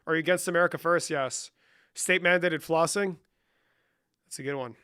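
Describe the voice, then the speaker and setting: A man's voice: a little high, normal speed, bright, forceful tone, clear, resonant tone, no echo, clean studio sound. A young man hosting a livestream, reading chat questions and answering with profane, joking banter. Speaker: livestream host.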